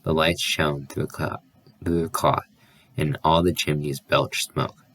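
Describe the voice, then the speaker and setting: Very deep-voiced man reading a novel. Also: flat delivery, unhurried, fairly bright tone. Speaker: audiobook reader.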